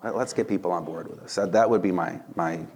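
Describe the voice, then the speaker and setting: A man preaching a casual sermon, conversational and animated, often checking in with the listeners with "right?" and "okay?". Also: deep voice, quick pace. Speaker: preacher and Bible teacher.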